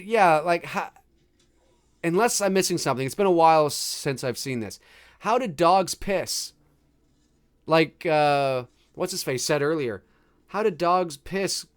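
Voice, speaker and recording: A man talks over a movie in loose, joking commentary, laughing and tossing in mock lines from the scenes. His voice sits high and swings widely up and down as he reacts. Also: animated, measured pace. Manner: chatty, jokey, reacting with laughs and mock quotes. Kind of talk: casual live movie commentary.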